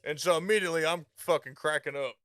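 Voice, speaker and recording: A man streaming and chatting casually, loud and profane, quick to laugh. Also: a little high, dry recording. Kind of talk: casual chat.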